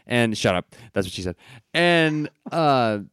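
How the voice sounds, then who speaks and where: A man's voice: mid-range voice, very animated, fairly bright tone, clean tone, no room sound. A man hosting a casual podcast, given to jokes and rambling asides. His voice sits in an ordinary middle register and is recorded close and dry, with no room sound. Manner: joking, rambling, quick asides. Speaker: podcast host.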